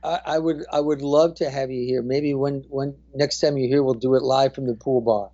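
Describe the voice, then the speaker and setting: A man with a New Jersey accent and a mellow, darker voice, talking as a guest in a casual interview. He speaks haltingly and fills his pauses with "uh" and "um". The sound is dull and lo-fi. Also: medium pitch, steady tone. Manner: halting, many "uh" and "um" fillers. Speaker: guest, hotel representative.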